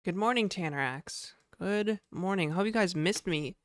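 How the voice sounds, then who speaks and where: Here a young adult livestreamer who also develops games talks at a moderate pace in a high voice. The studio-quality audio has no echo. He's a little nasal from a cold, chatting loosely and greeting viewers by name.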